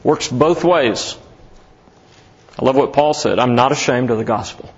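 A man preaching a sermon as pastor, slow and emphatic, lifting his voice on key words. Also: medium pitch, slightly rough, dull audio.

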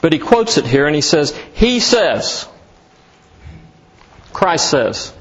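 Slow, husky-voiced male preacher. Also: very animated, a bit bright, muffled recording. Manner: slow, emphatic preaching with rising pitch on key words. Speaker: pastor. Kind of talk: sermon.

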